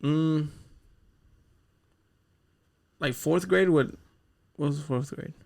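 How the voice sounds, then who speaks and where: A man's voice: fairly high pitch, measured pace, gravelly, darkish tone. A young man co-hosting a podcast, telling stories from his childhood in a laid-back, casual way, swearing freely and acting out what people said. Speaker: podcast co-host. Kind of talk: casual chat, storytelling.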